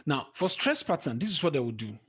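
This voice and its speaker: A man's voice: a little high, big pitch swings, slightly rough. A man teaching English pronunciation for an exam, counting syllables aloud and checking in with "okay?" as he goes. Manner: drawls example words slowly and trails off at phrase ends. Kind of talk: exam-prep pronunciation lesson.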